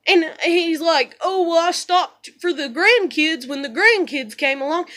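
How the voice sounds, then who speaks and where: A woman's voice: high voice, lively intonation, normal speed, pushed and bright. A woman in her thirties venting in a rambling, profane, frustrated monologue. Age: 30s. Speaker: vlogger.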